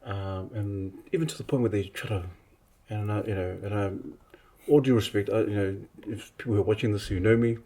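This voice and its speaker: A man's voice: on the low side, brisk. A man from Samoa, a preacher and artist, telling stories in a casual podcast chat and acting out the other people in them. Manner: animated, acts out quotes, many restarts.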